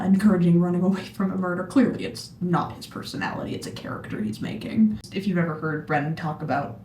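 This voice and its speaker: Woman reaction host, dark low-ish voice, rambling asides, distant mic in an echoey room with faint hum. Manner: musing, rambling, trailing off with fillers. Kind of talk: casual reaction commentary.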